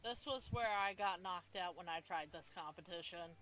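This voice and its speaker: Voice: medium pitch, moderate pace, a bit bright. A player at a tabletop game, joking wryly. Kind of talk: casual chat at a game table.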